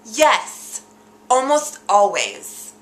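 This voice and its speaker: A woman's voice: a little high, huge pitch swings, extremely slow, reverberant, full character voice. A woman playing an indignant young actress who rants in a projecting, over-enunciated, dramatic way. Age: young adult. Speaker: comic video diarist. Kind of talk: scripted comedy character monologue.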